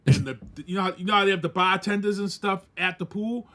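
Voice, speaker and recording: A man, co-hosting a podcast and telling a story casually, animated and laughing as he acts out quoted voices. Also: sits high, normal speed. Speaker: podcast co-host.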